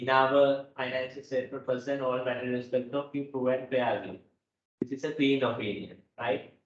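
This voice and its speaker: A man giving a classroom lecture on accounting, repeating key points and checking in with "right?". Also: mid-range voice. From Sri Lanka. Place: lecture hall. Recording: dull, echoey hall audio from a distance.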